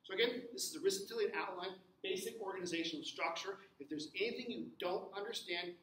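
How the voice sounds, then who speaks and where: Man, lecturer, high pitch, faint background hiss. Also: fast, fairly bright tone. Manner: repeats himself, checks in with "okay?". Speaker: teacher. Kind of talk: recorded lecture. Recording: echoey room with faint noise.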